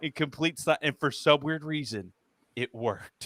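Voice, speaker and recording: A man's voice: fairly high pitch, moderate pace, dry recording. A man hosting a podcast, chatting casually with friends and telling stories with jokes. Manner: joking, animated storyteller. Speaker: podcast host. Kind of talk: casual chat among friends.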